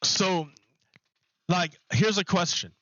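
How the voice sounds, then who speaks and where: Bright-voiced man rambling on a stream. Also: high-pitched, slow, no echo, highs cut off. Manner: rambling, repeats and restarts phrases while building an argument. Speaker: livestreamer. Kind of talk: casual live-stream talk to chat.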